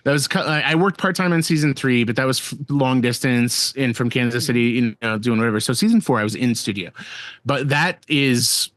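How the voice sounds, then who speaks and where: A man guest on a podcast, telling a work story in a casual, animated and profane way, full of restarts, on a dry, close mic. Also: medium pitch, brisk, dry recording.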